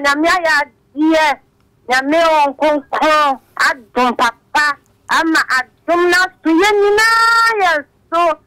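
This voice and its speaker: A woman speaks as a caller on a church program. Her voice is high and bright. She talks fervently and fills her words with blessings. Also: low-quality recording.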